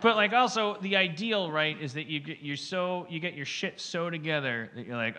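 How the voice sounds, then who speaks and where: A man's voice: a little high, normal speed, bright, forceful tone. A man hosting a podcast, rambling comedically through stories with lots of fillers and acted-out quotes. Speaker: podcast host.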